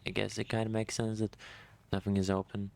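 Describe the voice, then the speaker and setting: A man streaming a video game, giving loud, offhand casual commentary. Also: on the low side, flat delivery, fairly quick, gravelly.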